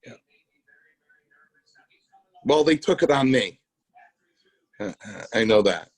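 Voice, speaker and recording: A man's voice: fairly low pitch, expressive, slow pace, no room sound, poor audio. Man telling stories over a dry mic. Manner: rambling anecdotes with acted-out quotes. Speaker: podcast co-host, former wrestler. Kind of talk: casual storytelling chat.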